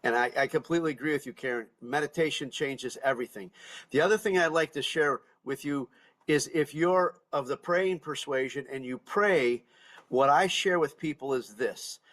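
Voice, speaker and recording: A man's voice: medium pitch, moderate pace, fairly bright tone. A middle-aged man hosting a podcast, speaking earnestly and emphatically, often repeating and restarting words. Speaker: podcast host. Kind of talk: casual interview chat.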